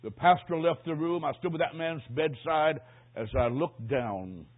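A man preaching a sermon, telling a story dramatically, dropping to a hush and rising to a shout. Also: a little high, unhurried. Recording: tinny phone-like lo-fi recording.

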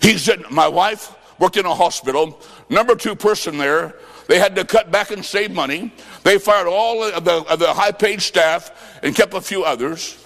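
A man preaching a revival sermon with folksy stories, impassioned and shouting at the peaks. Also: high-pitched, normal speed. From Illinois. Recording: echoey hall with long reverb.

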